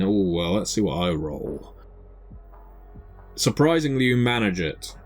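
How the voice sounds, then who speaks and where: A man narrating a tabletop game as game master, describing scenes in a measured way with occasional fillers. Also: low voice.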